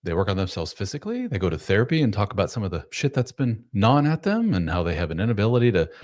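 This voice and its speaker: A man with a very low, deep voice hosts a live advice chat, speaking frankly and bluntly. He swears casually and talks straight to his listeners with no sugarcoating. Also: huge pitch swings, fast talker, darkish tone. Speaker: host.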